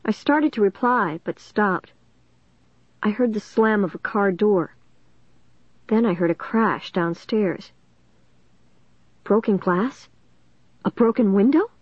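A young adult woman giving a steady, suspenseful first-person audiobook narration on a close mic. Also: mid-range voice, slow pace, pauses often, no echo. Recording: dull dry lo-fi recording.

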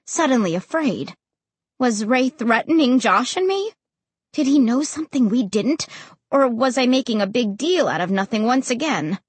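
Husky-voiced woman narrating an audiobook. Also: fairly high pitch, no room sound. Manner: expressive storytelling. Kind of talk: first-person audiobook narration.

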